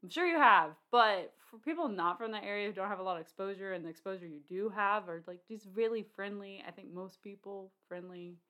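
A woman's voice: medium pitch, fairly quick, few pauses, sharp tone. A woman co-hosting a casual film discussion, chatty, with many fillers and restarts.

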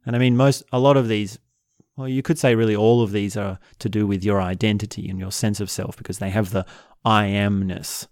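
A man teaching in a slow, reflective way, often repeating short example phrases. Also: lowish voice, fairly even intonation, a little mellow, no echo, clean studio sound. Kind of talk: spoken teaching talk.

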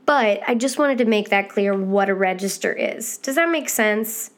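A woman's voice: expressive, moderate pace. Chatty woman teaching singing, encouraging. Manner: chatty, encouraging, demonstrates sounds with sudden high hoots. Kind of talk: casual podcast lesson.

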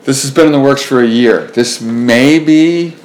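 A man's voice: mid-range voice, normal speed, a little mellow, a little hiss or hum. A man hosting a casual podcast, opening in a mock-grand announcer tone and joking with his guests. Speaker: podcast host.

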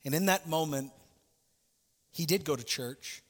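A man's voice: fairly high pitch, unhurried, long reverb tail. A male pastor preaching a sermon, telling a story with asides and direct questions to his listeners.

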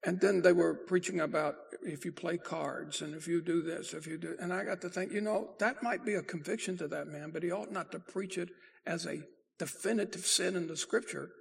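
A man preaching a sermon as pastor, folksy and emphatic, slowing down to stress repeated words. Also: fairly high pitch, gravelly.

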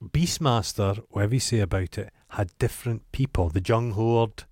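A man's voice: lowish voice, normal speed, darkish tone, no echo, studio quality. A Scottish man co-hosting a podcast, chatting about a film in a wry, rambling and crude way. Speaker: podcast co-host. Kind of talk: casual film review chat.

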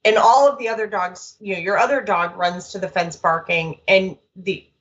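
A woman dog trainer chatting casually, animated and storytelling, with quick asides. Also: medium pitch, lo-fi sound. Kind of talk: casual conversational chat.

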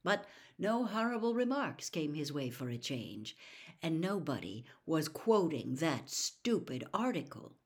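A woman narrating an audiobook with expressive storytelling, at times dropping to a whisper. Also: low voice, unhurried.

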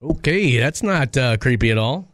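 A man's voice: medium pitch, lively intonation, normal speed, no echo, studio quality. A man hosting a morning radio show, chatting casually with callers and easily amazed. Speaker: radio host.

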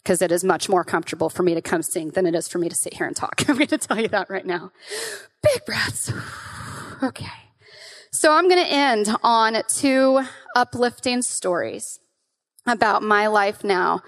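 A woman in her thirties giving an emotional personal testimony to a group, earnest and halting, with restarts and nervous laughs. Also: mid-range voice. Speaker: guest speaker.

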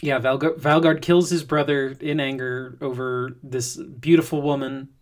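A man's voice: mid-range voice, flat delivery, measured pace. Thoughtful, analytical male podcast co-host. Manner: thoughtful, analytical, with hesitant fillers. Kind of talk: casual book discussion.

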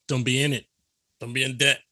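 A man's voice: mid-range voice, level tone, moderate pace, bright, forceful tone, no room sound. A man co-hosting a casual Christian podcast, laid-back, mostly chiming in with short agreeing replies. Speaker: podcast co-host.

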